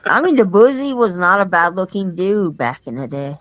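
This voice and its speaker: A woman's voice: on the low side, sing-song, moderate pace, a bit bright, no echo. A woman co-hosting a casual live stream chat, making wry, teasing remarks.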